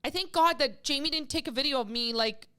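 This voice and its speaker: Woman, podcast host, casual chat, emotional, rambling, high voice. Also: fairly quick, pushed and bright. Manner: emotional, rambling, many fillers.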